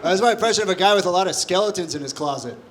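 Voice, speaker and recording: A male comedian on a live comedy stage, trading impressions in an animated way and laughing with quick apologetic asides. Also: high-pitched, slight background noise. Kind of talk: rapid-fire impression game at a live comedy show.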